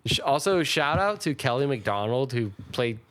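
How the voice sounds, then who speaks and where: Podcast cohost guy, mid pitch, laid back, drops f-bombs. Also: sing-song, moderate pace, a bit bright. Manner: casual, swears freely. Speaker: podcast co-host. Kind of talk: casual movie-review chat.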